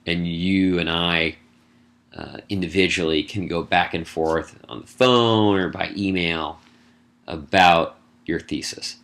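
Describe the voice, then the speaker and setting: This recorded lecture features a middle-aged college English instructor whose low-pitched voice is a bit bright and fairly even in intonation. He walks students through an essay assignment casually, moving briskly through points with wry remarks.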